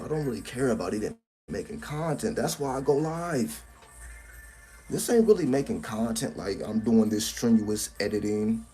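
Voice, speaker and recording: A man's voice: fairly low pitch, dark tone. A man giving a casual live-stream talk on a cell phone, blunt and profane, tagging his points with "right?", with faint music behind him. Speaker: spiritual content creator.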